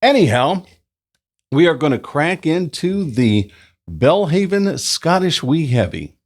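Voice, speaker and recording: A man hosting a casual beer review, chatting at home into a new microphone. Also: slow pace. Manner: chatty, relaxed, lively pitch. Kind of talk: casual review with read-out history segment. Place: indoors at home, summer. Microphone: new desk microphone.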